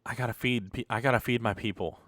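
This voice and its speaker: A man's voice: medium pitch, steady tone, a little fast, dry recording, studio quality, natural voice. A man voicing an underfed young male street thief who speaks plainly and earnestly in a tabletop game. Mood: pleading.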